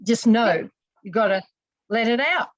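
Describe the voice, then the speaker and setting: A woman's voice: fairly high pitch, animated, unhurried, dry recording, muffled recording. A woman, a counselor talking earnestly on a podcast and explaining with restarts and asides. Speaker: guest, counselor. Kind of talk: casual podcast conversation.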